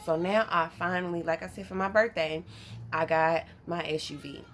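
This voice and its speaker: A woman from North Carolina, telling a story to her vlog viewers in a casual, animated, profane way, calling them y'all. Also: fairly low pitch, normal speed, a little hiss or hum. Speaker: vlogger.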